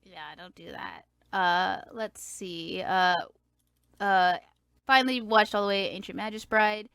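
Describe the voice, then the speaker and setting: A young woman rambles through a casual podcast chat, piling up fillers and restarts. She puts on animated little voices whenever she quotes someone. Her voice sits mid-pitched and is recorded close and dry. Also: a little slow, smooth, no echo. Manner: animated when quoting people. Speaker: podcast co-host.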